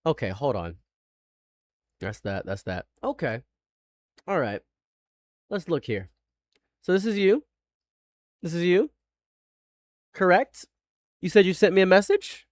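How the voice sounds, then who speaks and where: Man, livestream commentary, loud and profane, very animated, dry room. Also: fairly high pitch, measured pace, long pauses, no echo. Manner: loud, profane, swings from shouting to muttering. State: overheated and sweaty. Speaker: streamer.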